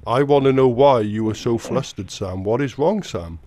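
Calm mock-concerned male prank caller. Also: medium pitch, moderate pace. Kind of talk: prank phone call.

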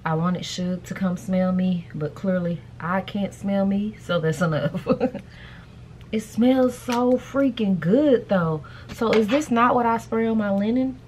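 A middle-aged woman vlogging in a chatty, animated way and talking straight to her viewers. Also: mid-range voice, unhurried, slight background noise. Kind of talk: casual chatty vlog.

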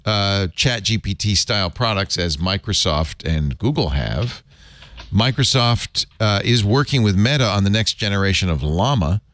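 A man's voice: fairly low pitch, moderate pace, dry recording, studio quality. A man hosting a casual tech news podcast, joking and reading out headlines. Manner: jokey, lively, reads out headlines. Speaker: podcast host.

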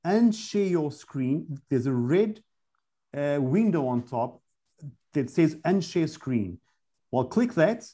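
Brief: man, session moderator, insistent but calming, warm and slightly high. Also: slow pace, husky. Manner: insistent, patient, repeats instructions. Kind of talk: giving instructions on a video call.

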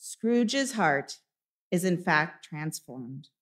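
A woman minister reading a lesson aloud in a church service, measured and dramatic. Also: fairly low pitch, expressive. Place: church sanctuary.

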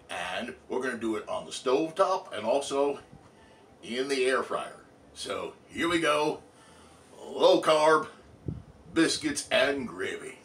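Man, put-on southern drawl, comedic cooking host, lively swooping pitch, playful. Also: slightly rough. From California. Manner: jokey, showy, playful emphasis.

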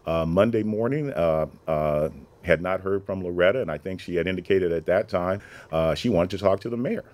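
A man's voice: low voice, moderate pace. A man being interviewed, recounting events conversationally and acting out the dialogue he quotes. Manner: animated retelling, acts out quoted dialogue. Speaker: interview guest, former mayoral policy advisor.

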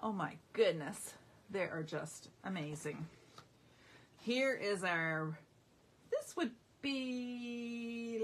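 A woman's voice: medium pitch, animated, extremely slow, pauses often, slight background noise. A middle-aged woman hosting a casual live craft showcase, gushing enthusiastically over her products. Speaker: craft demonstrator.

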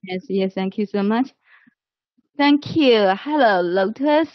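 Slow, lavishly praising woman teacher. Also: medium pitch, expressive, dry recording. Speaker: English teacher. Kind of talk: online language lesson. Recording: muffled online call audio.

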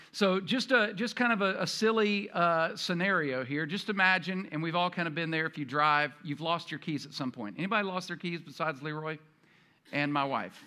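A man's voice: high-pitched, sharp tone. A male pastor preaching a sermon in a conversational way, acting out prayers in quoted voices.

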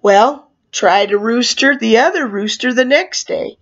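A woman, a clown magician, telling a story from her shows in an animated, expressive way. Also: a little high, measured pace, few pauses. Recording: dull lo-fi recording.

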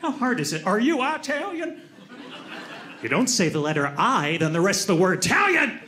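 A man doing stand-up comedy on a club stage, animated and slipping into mimicked voices for quotes. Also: fairly high pitch, fast talker, a little hiss or hum.

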